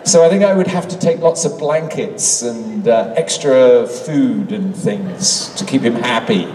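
A man's voice: mid-range voice, animated, unhurried, dark tone, distant mic, a little hiss or hum. A man in his sixties from England with a British accent, answering fan questions on a convention panel in a self-mocking, joking way. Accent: British English. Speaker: convention panel guest actor. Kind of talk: fan Q&A on stage. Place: large convention hall. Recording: echoey hall, voice from off-mic.

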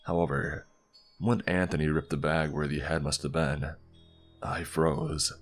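A man with an extremely deep, low voice reads a scripted horror story. His delivery is slow, deliberate and somber, with quiet music playing faintly behind him. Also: level tone. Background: faint background music.

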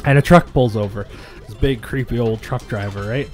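A man's voice: mid-range voice, normal speed, soft background music. A man co-hosting a casual gaming video, rambling through long jokes and laughing at his own punchlines. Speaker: let's play co-host.

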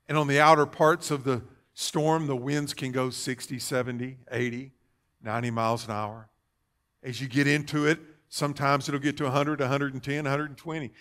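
A man preaching a sermon as pastor in a church, swinging between fervent loud passages and hushed, near-whispered ones. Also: medium pitch.

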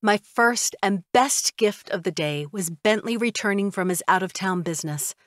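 A woman narrating a fiction audiobook in the first person, with a steady, even delivery. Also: medium pitch, moderate pace, no echo, studio quality.

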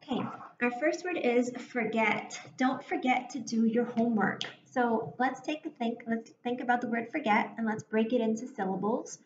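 A woman with a fairly high voice gives a recorded reading lesson to young children. She speaks slowly and clearly, with encouragement and pauses left for answers. The sound is dull, with an echoey room and a faint hiss. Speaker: teacher.

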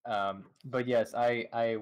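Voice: medium pitch, fairly even intonation, takes it slowly, lo-fi sound. A cooking stream host chatting casually and joking on a live stream.

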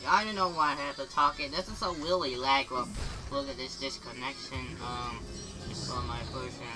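A man's voice: mid-range voice, steady tone, normal speed, music in the background, poor audio. Hesitant man commenting on a game. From Philippines. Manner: hesitant, many fillers. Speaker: gaming channel host. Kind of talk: casual gameplay commentary.

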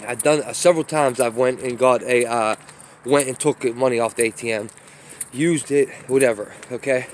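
A man's voice: medium pitch, moderate pace, a little hiss or hum. A man vlogging outdoors on a city street while walking, telling a long story in a rambling, profane way with apologetic asides, recorded on a phone. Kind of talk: casual rant while walking.

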